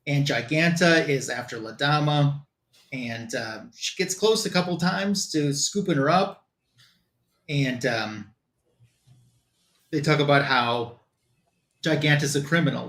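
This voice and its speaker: A man's voice: medium pitch, a bit bright, reverberant. A man casually retelling a comic book story as a show's reviewer, quoting the characters as he goes.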